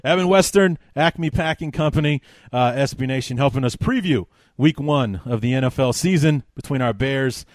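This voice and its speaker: A male podcast host chatting casually, telling a story with lively, animated energy and plenty of fillers. His voice sits at a middling pitch, recorded dry and close with no room sound. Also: normal speed, dry recording. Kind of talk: casual sports podcast chat.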